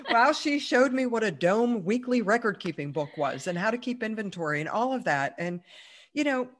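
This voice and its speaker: A woman's voice: on the high side, big pitch swings, normal speed. A woman as an interview guest, chatting through a personal story with plenty of fillers and easy laughs. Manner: chatty, many fillers, laughs while telling.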